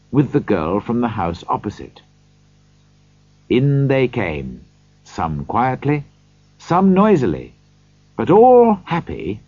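Slow, expressive male storyteller. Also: medium pitch, dry recording. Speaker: audiobook reader. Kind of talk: storybook narration. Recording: dull lo-fi recording.

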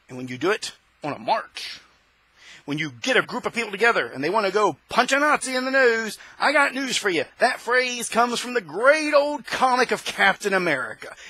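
A male host in a fiery, preaching monologue, his voice high and husky with a sharp, forceful edge. He climbs into shouts as he presses his points. The sound is close and dry. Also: no echo, low-quality recording. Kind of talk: impassioned opinion monologue.

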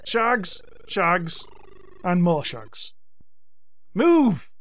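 A man hosting a let's-play, giving excitable gameplay commentary and yelping and swearing at the game. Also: sits high, normal speed, a little hiss or hum.

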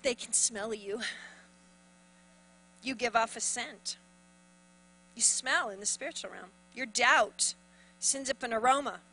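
A woman pastor preaching a sermon in an animated way, acting out voices as she goes. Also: a little high, a little slow, pauses often, a little hiss or hum, rough recording.

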